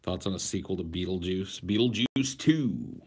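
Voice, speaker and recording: A man in his thirties, a podcast host, answering viewer questions in blunt, profane, deadpan casual chat. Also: sits low, normal speed, husky. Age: 30s.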